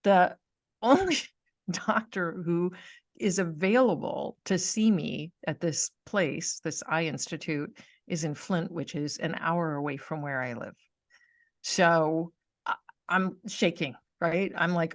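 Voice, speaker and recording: A woman's voice: on the low side, measured pace, no echo, clean studio sound. A middle-aged woman hosting a podcast, telling a personal story in casual chat over a video call. She acts out the people in her story and laughs often. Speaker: podcast host.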